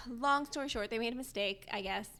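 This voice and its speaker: A young adult woman co-hosting a podcast, telling a story in casual chat, animated and often laughing as she acts out the people in it. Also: fairly high pitch, normal speed. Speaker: podcast co-host.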